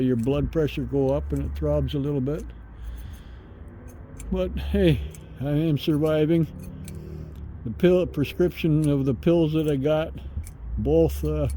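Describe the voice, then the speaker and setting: Rambling man, dark mellow voice. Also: on the high side, rough recording. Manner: rambling, homespun, chatty. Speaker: vlogger. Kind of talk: casual vlog chat. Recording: faint background noise.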